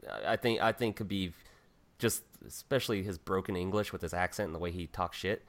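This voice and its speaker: Deep-voiced man hosting a chat show. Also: fairly quick. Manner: relaxed, laughs often, repeats words. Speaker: podcast host. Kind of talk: casual interview chat.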